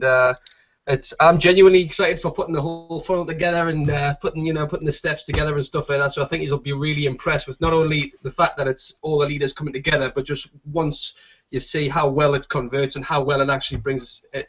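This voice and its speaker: A man's voice: medium pitch, a bit bright. A man on a group call, speaking enthusiastically with hesitant stammering restarts. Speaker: panel member. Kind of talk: casual chat. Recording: dull lo-fi call audio.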